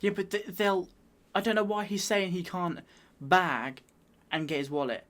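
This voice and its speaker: A man's voice: high voice, steady tone, unhurried, fairly bright tone. A British man hosting a reaction video, chatting in a bemused, rambling way. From United Kingdom. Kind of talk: casual reaction commentary.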